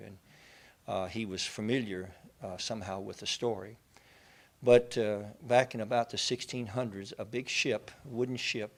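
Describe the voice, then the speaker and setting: A man giving an inspirational faith talk, an earnest storyteller who builds to passionate lists. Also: lowish voice. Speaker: speaker at a faith gathering.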